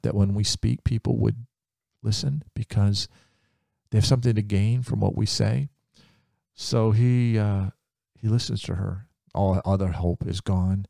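A man preaching a sermon, retelling a story in an animated, dramatic way. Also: lowish voice, a little slow, vocal fry, no room sound, studio quality.

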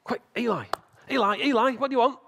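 A preacher doing eager boy voice, high pitched, calling out quick and urgent. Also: gravelly, fairly bright tone, in a large hall, exaggerated voice. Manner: high urgent repeated calls. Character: young boy Samuel, eager and startled.

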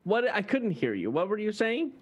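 A man chatting as a player in a tabletop game, jokey and quick to chuckle. His voice sits a little high and swings through a very wide range of pitch. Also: huge pitch swings, breathy edge, muffled recording. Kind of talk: casual tabletop game chat.

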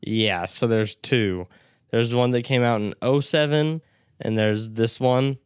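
A laid-back man co-hosting a casual podcast chat. His voice is smooth and clear, and the sound is dry and close. He swears casually and laughs easily. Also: medium pitch, slow pace, no echo. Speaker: podcast co-host.

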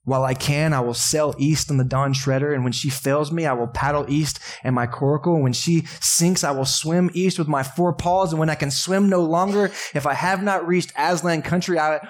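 A man's voice: on the high side, close to an everyday voice. A man voicing a brave, determined male talking mouse as he reads a storybook aloud, with firm and rising emphasis.

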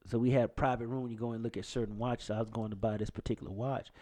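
A man's voice: medium pitch, racing. A man co-hosting a casual sports talk show, telling stories and acting out the voices of people in them, laughing as he goes. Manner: animated storyteller, acts out quoted voices, laughs often.

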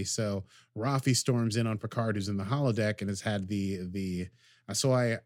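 A man's voice: fairly low pitch, darkish tone, no echo, studio quality. Jokey rambling man recapping an episode. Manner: rambling, jokey, acts out characters' lines. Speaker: podcast co-host. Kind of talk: casual recap chat.

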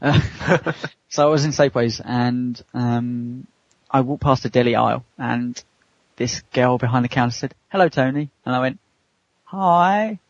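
A man's voice: medium pitch, little pitch movement, normal speed, vocal fry, no echo, dull audio. A man in his thirties, chatty and laughing often as he tells a personal story in an interview, acting out the voices of the people in it. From United Kingdom. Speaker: co-host answering interview questions.

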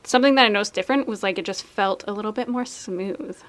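A woman's voice: medium pitch, quick pace, crowd noise. A woman co-hosting a casual podcast, recounting things in a frank, matter-of-fact way. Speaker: podcast co-host. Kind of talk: casual chat.

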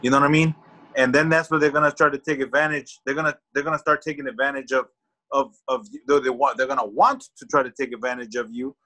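Male co-host, bright tone, blunt and crude, quick to laugh. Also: mid-range voice, little pitch movement, rough recording. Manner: blunt, heavily profane, laughs often. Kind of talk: casual podcast chat.

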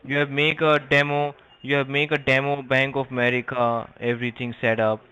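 A man's voice: medium pitch, little pitch movement, moderate pace, pushed and bright, smooth. A man on a phone call, angry and abusive in broken English. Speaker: scammer on a call. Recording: muffled phone-line audio.

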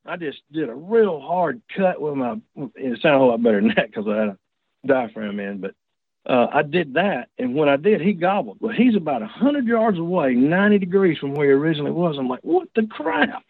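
A man with a drawl spins a folksy, rambling first-person yarn, often backing up and restarting his sentences. His voice sits a touch high for a man. It comes through a thin, dry phone line with no room sound. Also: lively intonation, fairly quick, dry recording. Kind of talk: casual first-person storytelling.

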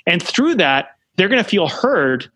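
A man talking in a relaxed podcast conversation, animated and full of fillers, acting out the voices of the people he quotes. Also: high voice, a little slow, no room sound. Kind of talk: casual conversation.

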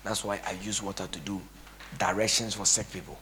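A man's voice: deep voice, flat delivery, fairly quick, pushed and bright, a little hiss or hum. A male pastor, preaching with a tired voice and breaking into tongues and chanted repeated phrases. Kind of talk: preaching to a gathering.

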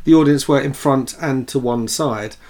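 A man co-hosting a podcast in casual chat, relaxed and chatty, laughing easily as he tells stories about acting. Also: medium pitch, moderate pace. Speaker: podcast co-host and actor.

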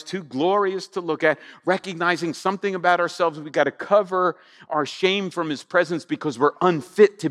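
Male pastor, high and lively voice, chatty sermon style, long hall reverb. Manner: animated, conversational, frequent rhetorical questions.

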